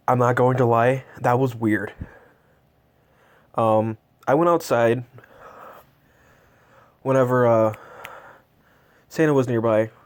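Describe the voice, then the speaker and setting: A man's voice: mid-range voice, clean tone. A man in his twenties, cold and shivering, rambling in awe with many fillers in a casual vlog. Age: 20s. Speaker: vlogger tracking Santa. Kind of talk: casual excited vlog talk.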